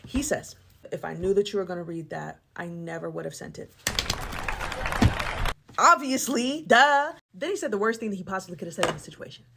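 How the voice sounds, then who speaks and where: A young woman telling a personal story in a casual, animated storytime style, with laughs and dramatic asides. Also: medium pitch.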